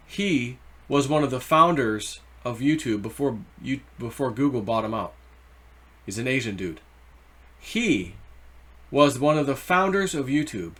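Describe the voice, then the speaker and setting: A man hosting his own crypto channel, talking in a casual, rambling and excitable way with many restarts. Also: medium pitch.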